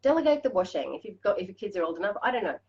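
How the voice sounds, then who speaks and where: A woman's voice: medium pitch, sing-song, very fast, lo-fi sound. An Australian woman hosting a live-stream coaching chat, bubbly and chatty, laughing often. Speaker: life coach host.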